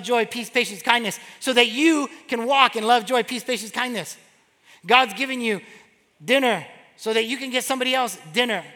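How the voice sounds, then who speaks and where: A man preaching with a high, bright and forceful voice, swinging from soft asides to loud calls to the congregation. His words ring out with a long reverb from a large church hall. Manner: animated preaching, acts out quotes. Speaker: pastor. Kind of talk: sermon.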